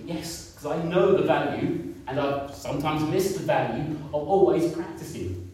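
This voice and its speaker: A man's voice: a little high, moderate pace, few pauses, a little mellow. 50s guy preaching, chatty and repetitive, faint background noise, sounds far off. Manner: conversational, repeats himself, asks the congregation questions. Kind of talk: sermon. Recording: echoey room, picked up from a distance.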